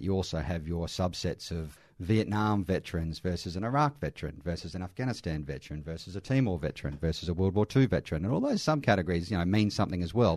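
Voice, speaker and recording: A man's voice: deep voice, darkish tone, dry recording, studio quality. A middle-aged Australian man, an army veteran working in aged care, telling earnest stories in an interview with restarts. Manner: earnest, anecdotal, with frequent restarts and light laughs. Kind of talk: conversational interview storytelling.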